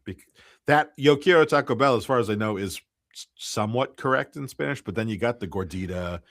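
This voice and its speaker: Deep-voiced man, dry close mic, easygoing hesitant co-host. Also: animated, fairly bright tone, no room sound. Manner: easygoing, with hesitant fillers and drawn-out phrases. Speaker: podcast co-host. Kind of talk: casual chat.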